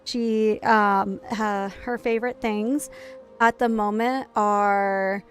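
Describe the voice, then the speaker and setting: A woman streaming from home late at night, chatting casually, laughing often and cooing softly to her toddler. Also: medium pitch, steady tone, slow, soft background music. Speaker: game streamer and mother. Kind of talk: casual live-stream chat.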